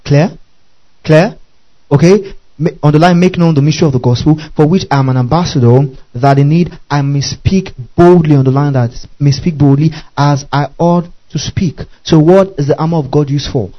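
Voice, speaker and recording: A man's voice: a little high, moderate pace, highs cut off. A man preaching a sermon, emphatic, often asking his listeners questions and stopping to spell out Greek words.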